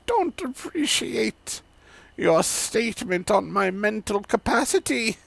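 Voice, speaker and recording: A man's voice: high-pitched, sing-song, slow, creaky, a bit bright, no room sound, voice pushed up, heavily acted. A man voicing a decrepit, tiny, very old woman who is prim, formally polite and easily offended. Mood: prim, affronted.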